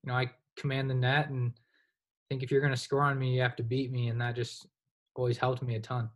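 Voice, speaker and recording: A college hockey goaltender in his twenties talks a little fast in a mid-range voice during a podcast interview. He's laid-back and meandering, saying "you know" again and again.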